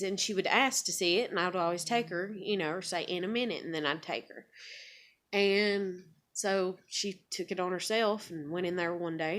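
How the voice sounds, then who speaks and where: A woman's voice: mid-range voice, fairly bright tone. A woman telling a painful family story in a confessional vlog, emotional and full of swearing, often getting sidetracked. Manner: emotional, heavily profane, rambling. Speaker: vlogger.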